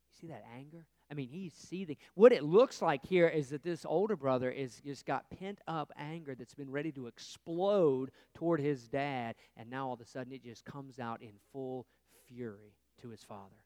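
A man's voice: medium pitch, moderate pace, no echo. Earnest man preaching a sermon. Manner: earnest, rising to emphatic peaks, dropping to hushed asides. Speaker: pastor.

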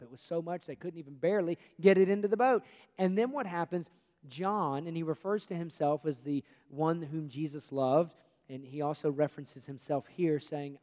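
A man preaching a sermon, telling a story with animated acted-out dialogue and self-deprecating humor. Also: high-pitched. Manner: animated storytelling, acts out the disciples' lines. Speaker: pastor. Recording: long hall reverb.

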